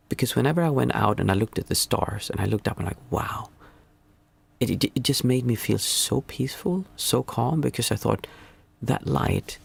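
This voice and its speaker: Gravelly husky-voiced man, calm and musing. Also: lowish voice. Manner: calm and musing, with frequent restarts. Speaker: meditation teacher. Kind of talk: reflective spiritual talk.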